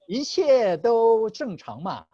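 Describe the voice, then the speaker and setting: Guy teaching a chinese class over video call, slow and patient, voice goes up and down a lot, kinda muffled. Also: extremely high pitch, very animated, dark tone, no echo. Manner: patient, mixes Chinese and English, laughs often. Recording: slightly dull video call audio.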